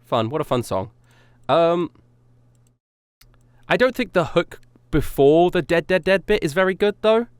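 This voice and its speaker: A man talking casually on a stream, rambling through his own songs and judging them with self-critical honesty. His voice swings widely in pitch as he gets animated. The sound is close and dry with no room around it. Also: unhurried, long pauses, smooth, no echo.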